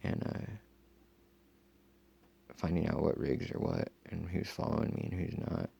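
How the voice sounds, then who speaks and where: A man telling a long personal story in a rambling, profane, casual way, full of fillers, with a gravelly, husky voice. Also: very deep voice, fairly even intonation, unhurried, warm tone, highs cut off. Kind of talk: casual first-person account.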